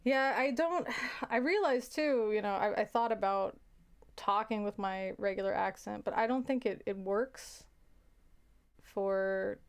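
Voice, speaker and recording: A woman's voice: mid-range voice, smooth. A woman who teaches, chatting casually and telling rambling, self-interrupting stories with frequent laughs. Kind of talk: casual storytelling chat.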